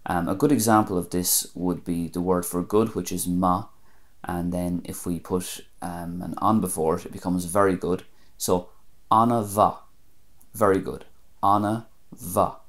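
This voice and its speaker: A man giving a spoken language lesson, measured and careful, repeating each example word slowly. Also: low-pitched, steady tone. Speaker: language teacher.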